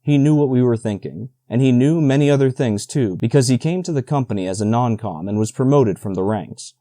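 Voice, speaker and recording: A man narrating an audiobook in a steady, even storytelling manner, close to the mic. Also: medium pitch, a little fast, no room sound. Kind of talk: scripted narration.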